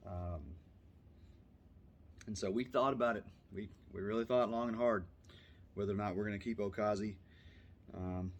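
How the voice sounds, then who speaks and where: Man, casual vlog chat, fairly low voice, faint background noise. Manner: chatty storytelling, breaks off to scold a puppy. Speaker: vlogger.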